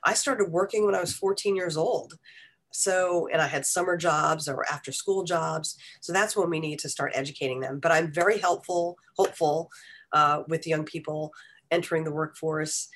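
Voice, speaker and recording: An adult guest from union media answers interview questions earnestly, with lots of "um" fillers. The voice is mid-range and a bit bright, with a steady tone and a moderate pace.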